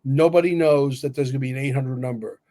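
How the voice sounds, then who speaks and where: A man co-hosting a livestream, talking bluntly and emphatically, cursing and filling pauses with "uh". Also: medium pitch, fairly even intonation, dark tone. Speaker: livestream co-host. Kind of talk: opinionated livestream talk.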